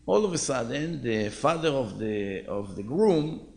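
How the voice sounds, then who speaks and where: Gravelly, animated rabbi telling a story. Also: male voice, mid-range voice, a little slow. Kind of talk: storytelling sermon.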